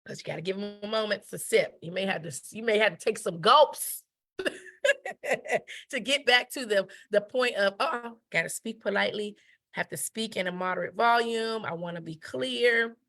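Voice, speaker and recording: A woman's voice: mid-range voice, normal speed, fairly bright tone. A woman giving a conversational etiquette lesson. She repeats her key points, checks in with "right?", and briefly acts out the people she quotes. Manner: emphatic, repeats key phrases, asks "right?". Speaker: etiquette educator. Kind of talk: conversational teaching talk.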